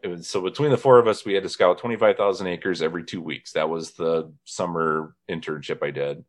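A man with a very low voice hosts a relaxed conversation. He spins stories, breaks into laughter, and mimics the people he quotes. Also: a little fast. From northern Indiana. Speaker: podcast host. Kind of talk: casual chat.

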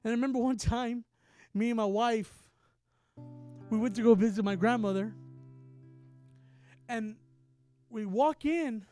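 A middle-aged man preaching a sermon, telling a story in a hushed voice and then rising to loud, emphatic declarations. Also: extremely high pitch, a little slow, pauses often, soft background music.

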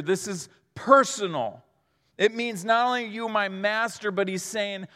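A man preaching a sermon in an earnest way, moving between hushed and emphatic delivery. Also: high voice, unhurried, in a large hall.

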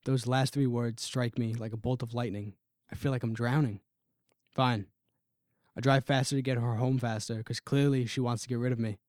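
A young man tells a first-person story with intense, brooding emotion. His voice sits in a middle pitch and is recorded dry and close, with no room around it. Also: steady tone, moderate pace, darkish tone, dry recording.

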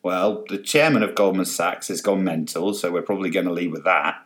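A man voicing a pushy, tactless female TV reporter, who pries with loud questions. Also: a bass voice, a little fast. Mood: prying. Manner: pushy, prying.

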